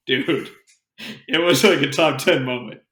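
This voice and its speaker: A man co-hosting a podcast, telling an animated, profanity-laced story in casual chat. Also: a little high, takes it slowly. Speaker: podcast co-host. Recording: roomy echo.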